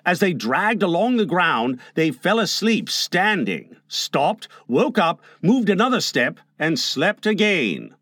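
Expressive man reading a storybook aloud. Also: high voice, takes it slowly, few pauses, no room sound, clean studio sound. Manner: expressive, playful. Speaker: narrator.

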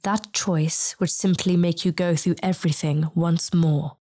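A woman plays a wise female star being in an audiobook, her voice low-set and unhurried. She speaks in slow, measured, soothing tones with a solemn calm. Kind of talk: audiobook character reading.

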